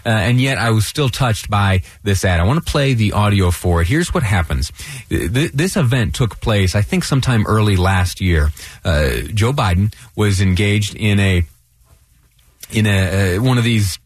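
A man hosting a radio talk show, speaking in a halting way with restarts and slight stammers. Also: lowish voice, no room sound.

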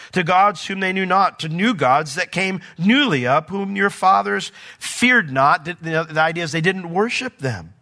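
A male pastor delivers a sermon in a conversational, storytelling way. His voice sits a bit high and rings bright and forceful. He reads scripture aloud and briefly acts out quoted voices as he goes. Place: church.

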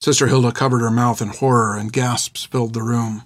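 A man reading a story aloud in a steady, measured narrating voice. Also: medium pitch, no echo, studio quality. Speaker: audiobook narrator. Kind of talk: scripted narration.

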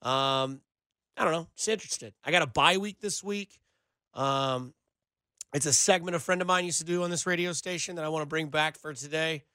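A sports talk radio host and producer speaks in a bright, forceful voice pitched slightly high for a man, with a clear, resonant tone at normal speed. He wanders loosely between points and leans on filler words. His studio microphone captures him close and dry, with no room sound.

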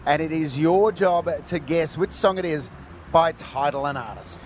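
An Australian man co-hosting breakfast radio, lively and playful. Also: fairly high pitch, normal speed, a little hiss or hum. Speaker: radio host.

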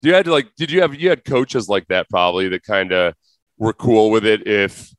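A man's voice: on the low side, moderate pace, dry recording. A man hosting a podcast in casual chat, rambling through a story and laughing as he goes. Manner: rambling, searches for words, laughs through his stories. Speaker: podcast host.

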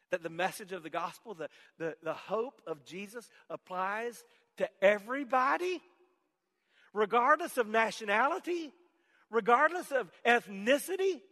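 Pastor guy preaching, voice up high, drops quiet then shouts, lots of hall echo. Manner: swings from hushed to shouted emphasis; leads call-and-response with congregation. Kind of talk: sermon. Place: church sanctuary.

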